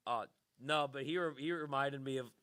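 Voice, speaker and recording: A man's voice: medium pitch, moderate pace, bright, forceful tone, clear, resonant tone, dry recording, clean studio sound. A man co-hosting a casual podcast chat, jokey, cutting in and swearing.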